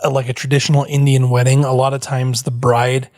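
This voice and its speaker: A man's voice: medium pitch, a little fast, no room sound, studio quality. A man co-hosting a casual podcast, playful and reactive, chiming in often. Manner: animated, playful, reacts a lot. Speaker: podcast co-host.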